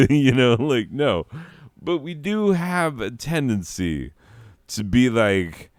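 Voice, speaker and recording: A man's voice: mid-range voice, big pitch swings, takes it slowly, darkish tone, dry recording, studio quality. A man hosting a comedy channel, reading comedy bits in a rambling, profane way and often breaking off mid-sentence. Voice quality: profane, rambling, self-interrupting.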